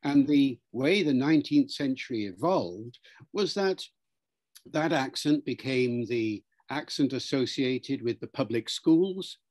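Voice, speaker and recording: A man explains things in an unhurried, lecturing manner, like a patient expert taking a question. His voice sits at an ordinary pitch for a man, neither high nor low. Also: expressive, darkish tone. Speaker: interviewed language expert. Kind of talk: explanatory interview answer.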